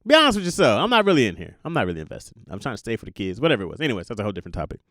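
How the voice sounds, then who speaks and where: A young man hosting a podcast, talking through a casual confessional monologue in an animated, jokey way and laughing at himself. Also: lowish voice, very fast, no echo, clean studio sound. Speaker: podcast host.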